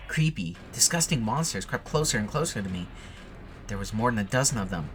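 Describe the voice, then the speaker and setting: A man's voice: fairly low pitch, expressive, brisk, a little hiss or hum. A man playing a text adventure, reading the narration aloud with casual asides. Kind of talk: let's play reading and commentary.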